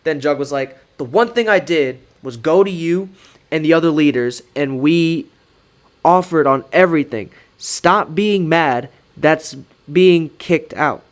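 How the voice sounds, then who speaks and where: A man's voice: a little high, lively intonation, measured pace. A man giving casual commentary, reading out text messages in a sarcastic, mocking way. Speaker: commentary creator.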